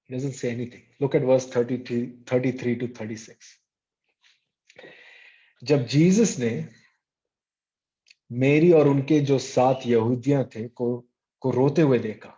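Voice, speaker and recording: Man preaching, dark muffled voice. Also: fast talker, long pauses. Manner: switches between English and Hindi, repeats phrases for emphasis; rises to a raised, intense pitch when stressing a point. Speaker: pastor. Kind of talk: bilingual sermon in English and Hindi. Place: church service.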